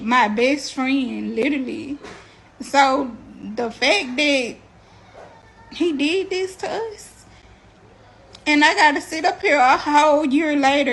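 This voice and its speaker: A woman's voice: high voice, vocal fry, a bit bright, slight background noise, rough recording. A young woman, a mother, talking straight to her viewers in a casual, blunt and earnest way. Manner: earnest, blunt and colloquial, addresses viewers directly. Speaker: mother telling her family's story to viewers. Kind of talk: casual direct-to-camera testimony.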